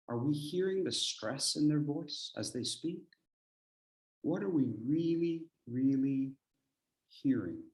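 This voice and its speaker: A man coaching public speakers in a workshop, swinging from loud bursts to near whispers. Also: fairly high pitch, roomy sound. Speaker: speech coach. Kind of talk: workshop teaching.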